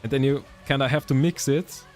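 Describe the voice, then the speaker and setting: Speaking fairly quickly, a young German man addresses his stream viewers in a relaxed, rambling way, full of self-corrections. His accented voice is medium in pitch, steady, and somewhat dark, with gentle music in the background.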